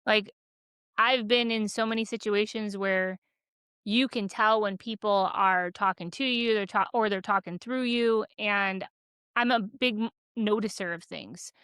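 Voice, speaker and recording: This female podcast co-host chats casually, spinning animated stories loaded with "like." She speaks at a measured pace in a smooth, mid-range voice, with no echo.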